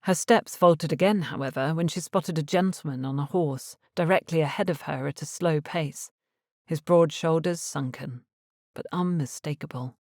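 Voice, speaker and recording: A woman reading a romance novel aloud as an audiobook narrator in a measured, even storytelling manner. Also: low voice, no echo, clean studio sound. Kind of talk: scripted narration.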